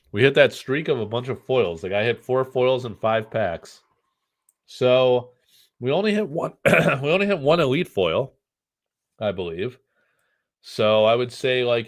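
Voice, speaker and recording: A man's voice: mid-range voice, animated, a little slow. A middle-aged man from the United States hosting a casual live stream, joking, rambling and reading the chat aloud.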